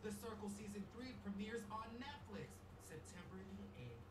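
A woman host signs off in an upbeat, chummy way, her pitch bouncing all over. She sounds set back from the mic in a roomy space, with clear background noise under her voice. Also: normal speed, distant mic. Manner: lively and chummy, says "y'all". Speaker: show host.

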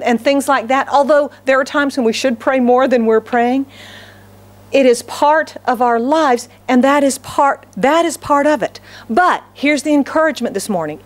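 A middle-aged woman pastor preaching a sermon, animated and emphatic, speaking quickly with frequent restarts and repeated phrases. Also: high-pitched.

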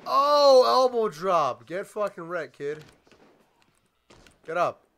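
A man commentating a wrestling video game as he plays, excitable and swearing, shouting at his opponent. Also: sits high, slow pace, gravelly. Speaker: gaming YouTuber. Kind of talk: let's play commentary.

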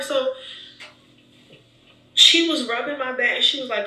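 Her voice sits high and her delivery is unhurried. This young woman is recording a storytime vlog, retelling events with animation and performing the quoted lines people said to her, in an echoey room with the mic some distance away.

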